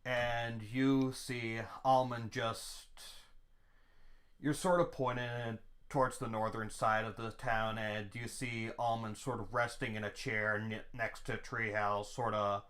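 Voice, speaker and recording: A man narrating a tabletop game as game master, with hedging, slow descriptions. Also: mid-range voice, level tone, a bit bright. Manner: slow, hedging narration with frequent sort-ofs. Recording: roomy echo.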